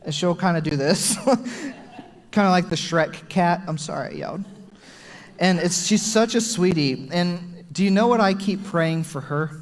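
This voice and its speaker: Young male pastor, slightly high voice, heartfelt sermon delivery, big church hall with long reverb. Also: moderate pace, hardly any pauses. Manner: earnest and personal, gets emotional.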